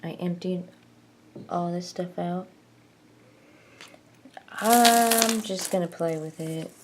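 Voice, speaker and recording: Slow-talking woman vlogging, casual and rambling. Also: on the low side, background noise. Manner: rambling and self-mocking, jokey. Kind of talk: casual chat.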